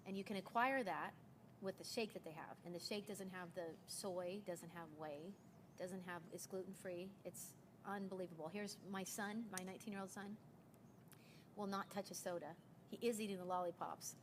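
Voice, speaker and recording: A woman's voice: mid-range voice, fairly even intonation, moderate pace, background noise. Chatty woman in her forties. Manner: chatty storyteller acting out quoted dialogue. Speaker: recruiter sharing sales tips. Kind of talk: casual chat.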